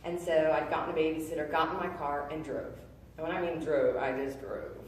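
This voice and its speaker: A woman in her thirties giving a personal testimony, earnest and halting, full of fillers and restarts. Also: low-pitched, steady tone, a little hiss or hum. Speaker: testimony speaker. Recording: echoey room, voice from a distance.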